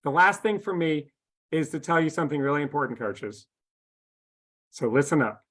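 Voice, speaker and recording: A man's voice: fairly high pitch, lively intonation, a bit bright. Instructive man presenting a coaching webinar. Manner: instructive, reads out steps and numbers slowly. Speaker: youth coaching workshop presenter. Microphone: video call.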